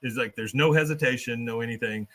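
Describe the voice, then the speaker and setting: A man hosting a podcast, casually retelling a cartoon episode scene by scene, swearing and dropping into quick character voices. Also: mid-range voice, fairly bright tone. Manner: swears casually and laughs while telling. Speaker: podcast host recapping an episode. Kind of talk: casual chat.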